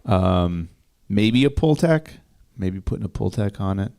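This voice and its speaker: A man co-hosting a music-review stream, talking casually about audio mixing and pausing often to find the right term. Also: fairly low pitch, expressive, vocal fry, warm tone, smooth. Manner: hesitant, lots of fillers while searching for terms. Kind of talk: casual live-stream chat.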